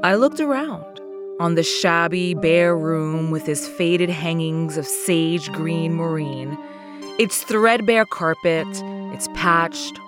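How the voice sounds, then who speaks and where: A woman narrating a classic story in a slow, measured, wistful way. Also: low-pitched, over music.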